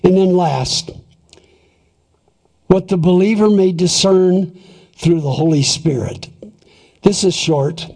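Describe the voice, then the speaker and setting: A man preaching a sermon, reading scripture and explaining it deliberately, posing and answering short rhetorical questions. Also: high voice, vocal fry, warm tone. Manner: deliberate, emphatic Bible exposition, repeating rhetorical questions.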